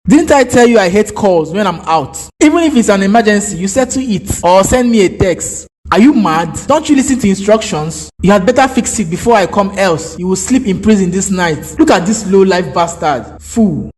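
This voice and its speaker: A man voicing a rich, short-tempered suitor in a cartoon, smooth-talking but quick to insult. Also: sits high, animated, darkish tone, long reverb tail. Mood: furious. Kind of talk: cartoon voice acting.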